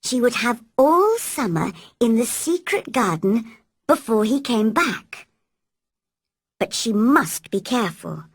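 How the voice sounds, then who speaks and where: A woman narrating a classic children's story slowly and clearly for English learners. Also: a little high, sing-song, no echo, studio quality.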